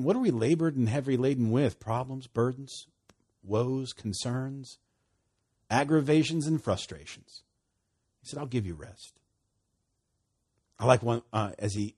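A man preaching a sermon, reading scripture, laughing often and dropping to soft asides. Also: on the low side, slightly rough.

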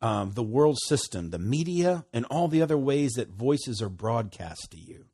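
A man giving a casual, animated sermon, often laughing and acting out conversations. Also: medium pitch, normal speed, slightly rough. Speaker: preacher.

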